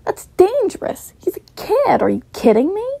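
A woman's voice: very high-pitched, huge pitch swings, normal speed, vocal fry, dark tone, no room sound, pitched above the performer's own voice, heavily acted. A woman voicing a frustrated twenty-year-old man who talks back to his mother in raised, exasperated outbursts.

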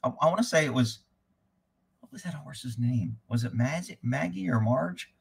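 A man's voice: mid-range voice, lively intonation, moderate pace, gravelly, husky. A man who trains horses, giving blunt, rambling live commentary over riding footage and swearing freely.

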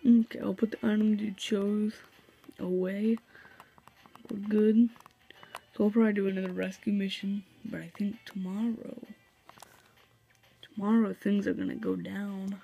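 A man's voice: sits high, little pitch movement, unhurried, vocal fry, long pauses, slightly rough, lo-fi sound. A young man hosting a let's play video, chatting casually and reading game dialogue aloud. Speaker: gaming video host. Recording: faint game music behind.

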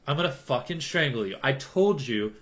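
Young man, livestream chat, jokey, loud hype then mumbling, bright voice, keyboard clicks behind. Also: medium pitch, lively intonation, moderate pace.

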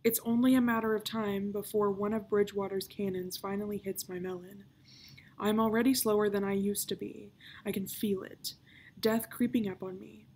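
A woman's voice: mid-range voice, little pitch movement, moderate pace, darkish tone, a little hiss or hum, close to an everyday voice. A woman reading aloud, voicing a brooding, fatalistic male pirate captain of about thirty who talks in grim growls.

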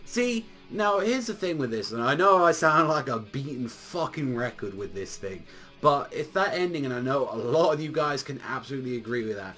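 A young man giving a casual, animated manga chapter review, full of swearing and filler words, with faint music behind him. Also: mid-range voice, fairly quick. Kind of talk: casual solo review commentary.

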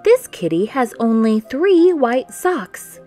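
A woman reading a storybook aloud and voicing an excited, clever little boy who announces things eagerly. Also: sits low, slow pace, faint music behind, exaggerated voice.

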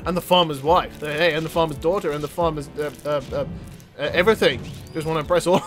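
A man yelping and joking through animated gameplay commentary. His voice runs high for a man, with faint music behind. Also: fairly quick. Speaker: gaming YouTuber.

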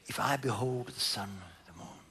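A man delivers a sermon, reading scripture aloud and commenting on it, his emphatic delivery swinging between loud declarations and low murmurs. His voice is husky and he speaks at a normal speed.

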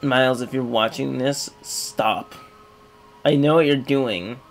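A young man giving casual, rambling commentary over a retro game, swinging from mumbling asides to loud excited outbursts. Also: medium pitch, slow pace, vocal fry, soft background music. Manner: rambling, excitable, yelps and laughs when the game goes wrong. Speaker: gaming video creator.

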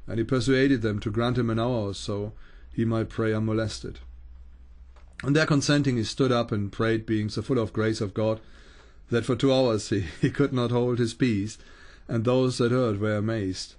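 A man, a Bible teacher, reads an ancient account aloud at an unhurried pace, with small stumbles and restarts. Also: fairly low pitch, fairly even intonation, darkish tone.

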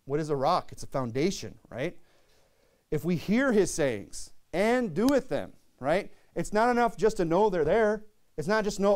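A man's voice: on the high side, very animated, moderate pace, a little mellow. A young man preaching an earnest sermon, reading scripture aloud and often restarting his sentences. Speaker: pastor.

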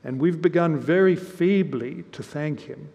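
A man's voice: a little high, gravelly, mellow. Earnest male preacher in a reverberant hall. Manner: earnest, measured preaching with rhetorical questions. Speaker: visiting preacher. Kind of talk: sermon. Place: church.

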